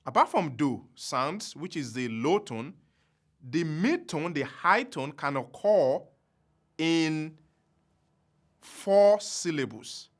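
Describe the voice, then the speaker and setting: A man teaches a language lesson slowly and deliberately, pausing with care. He chants drill syllables in a high, drawn-out, sing-song voice.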